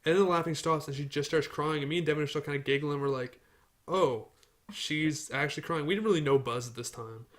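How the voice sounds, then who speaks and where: A man's voice: fairly high pitch, racing, few pauses. A young man hosting a casual podcast, telling rambling stories and teasing his friends. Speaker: podcast host. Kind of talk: casual chat.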